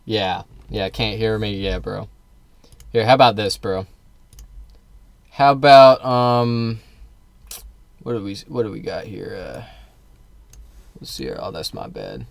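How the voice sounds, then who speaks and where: A man's voice: lowish voice, lively intonation, takes it slowly, gravelly, long pauses, dry recording. A man streaming live, arguing with his chat in a combative, sarcastic, profane way. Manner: sarcastic, mocking. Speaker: livestreamer.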